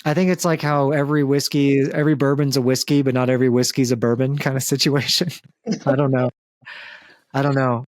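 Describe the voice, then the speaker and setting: A man's voice: medium pitch, flat delivery, fairly quick. A young man hosting a comedic podcast, chatting casually with loose jokes, fillers and the odd curse. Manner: joking, loose, frequent fillers and profanity. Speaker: podcast host.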